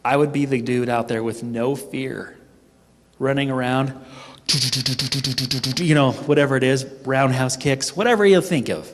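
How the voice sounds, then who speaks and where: A middle-aged man telling a funny personal story at a team training, animated and self-mocking. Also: medium pitch, measured pace, pauses often, noisy background. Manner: animated, humorous, acts out his own panicked voice. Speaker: speaker at a sales team training. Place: event hall. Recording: echoey hall reverb.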